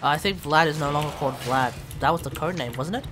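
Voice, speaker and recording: A man's voice: fairly high pitch, fast, background noise. A man co-hosting a game stream, chatting casually with joking, exclamatory remarks. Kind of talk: casual gameplay chat.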